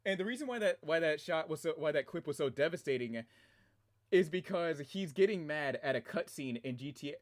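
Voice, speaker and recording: A man chatting casually on his game livestream from a room at home, excitable and rambling, often breaking into laughter. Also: fairly high pitch, fairly quick. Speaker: game streamer.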